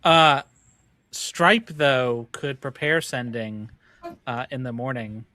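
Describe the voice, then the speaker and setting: A man's voice: mid-range voice, takes it slowly, pushed and bright, dry recording. A man playing a tabletop game, talking in a hesitant, wheedling way with many fillers. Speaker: player. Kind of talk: casual tabletop game chat.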